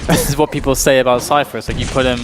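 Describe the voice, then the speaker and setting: A man casting a live online game match, play-by-play, getting excited at big plays. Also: medium pitch, very fast, music in the background. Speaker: esports caster. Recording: long reverb and steady noise.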